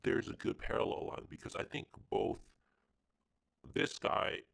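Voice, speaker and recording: A man's voice: a little slow, a bit bright, rough recording. A man co-hosting a podcast, chatting about films in a hesitant, crude, offhand way. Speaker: podcast co-host. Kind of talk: casual film discussion.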